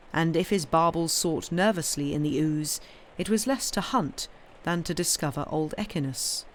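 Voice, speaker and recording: A woman's voice: deep voice, a little hiss or hum. Woman reading a novel aloud. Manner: steady, measured storytelling. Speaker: reader.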